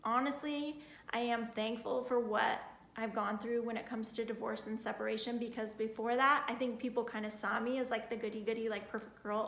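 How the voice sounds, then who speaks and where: Earnest woman in her 30s, casual testimony, slightly high voice, echoey room. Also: moderate pace, a bit bright. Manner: earnest, heartfelt, frequent "like" fillers. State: getting emotional. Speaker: vlogger sharing her testimony.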